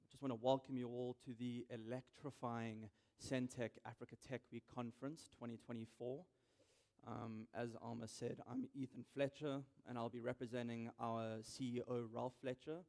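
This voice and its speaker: A man's voice: medium pitch, flat delivery, normal speed, vocal fry, a little mellow. A young man giving a prepared welcome speech on a conference stage, hesitant, with frequent ums. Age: young adult. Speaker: event organizer giving welcome.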